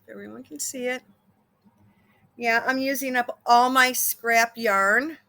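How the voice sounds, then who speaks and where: Give me a woman chatting casually as a psychic host, rambling, with a bright, forward voice. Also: on the high side, steady tone, measured pace, creaky. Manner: rambling, many fillers and restarts. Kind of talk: casual chat.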